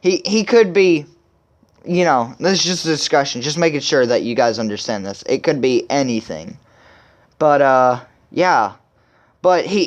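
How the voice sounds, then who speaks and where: Rambling young man, smooth clear voice. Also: mid-range voice. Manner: rambling, filler-heavy, says "like" often. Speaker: video host. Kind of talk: casual chapter recap.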